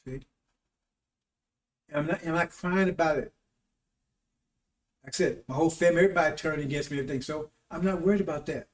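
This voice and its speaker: This broadcast preacher talks fast with long pauses in a voice on the high side, rambling informally through his sermon. "See?" and "Right?" come up often as he checks in with listeners, and the recording is echoey and distant from the mic.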